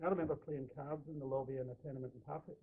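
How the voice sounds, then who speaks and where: A Glaswegian man reminiscing casually in an interview, telling animated stories and laughing often. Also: medium pitch, racing, slightly rough. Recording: dull lo-fi radio recording.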